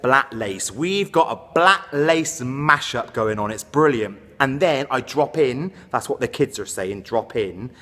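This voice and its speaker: A man's voice: a little high, fairly bright tone, in a large hall. Breathless chatty showbiz man. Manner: chatty, camp, self-promoting showbiz patter. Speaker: comedy character vlogger. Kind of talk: in-character comic vlog. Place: dance hall.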